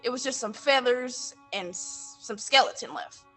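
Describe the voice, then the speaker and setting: A woman playing a blunt middle-aged man who runs a coastal mission, telling his story on stage and getting heated and loud. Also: fairly high pitch, moderate pace, soft background music. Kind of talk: stage monologue from interviews.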